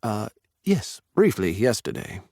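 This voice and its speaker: A man's voice: lowish voice, big pitch swings, a little slow, mellow, no echo, clean studio sound, full character voice. A man voicing a polite, slightly puzzled young vet with a British accent.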